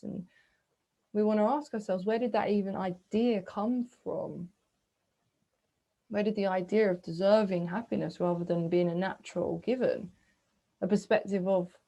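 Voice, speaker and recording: A woman guides her listeners through a reflective coaching session. Her voice is soft and searching, with long pauses and breathy sighs. She keeps turning questions back to the listener with a gentle 'hmm?'. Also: mid-range voice, poor audio. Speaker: spiritual coach. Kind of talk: guided self-reflection talk.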